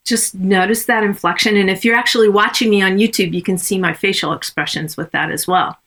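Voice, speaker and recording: A woman coach talks through her lesson at a measured, reflective pace, dropping in the odd um as she thinks. Her pitch sits in an ordinary middle range for a woman. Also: fairly even intonation, fairly bright tone. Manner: measured, reflective, with frequent ums. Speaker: coach and consultant. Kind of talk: podcast teaching on coaching conversations.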